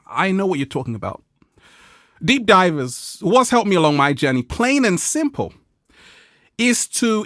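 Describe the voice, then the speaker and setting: This man hosts a motivational vlog in studio quality with no echo, talking to viewers in a playful, animated way. He laughs frequently and puts on a high voice when acting out people he quotes.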